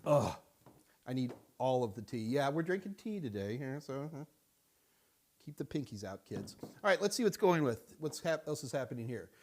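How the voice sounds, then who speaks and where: A man's voice: medium pitch, lively intonation, brisk, darkish tone. A man hosting a live-stream Q&A. He chats casually, jokes, and greets viewers by name. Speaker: host answering viewer questions. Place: Houston studio.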